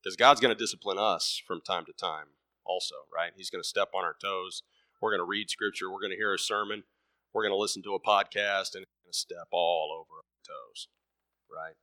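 A man in his thirties preaching a sermon, emphatic, repeating words and swinging between loud bursts and soft murmurs. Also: sits low, steady tone, brisk, no room sound, clean studio sound.

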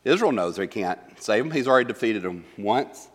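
A man's voice: lowish voice, animated, brisk. A man teaching a Bible study class. He reads verses aloud and puts questions to the group. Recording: long hall reverb.

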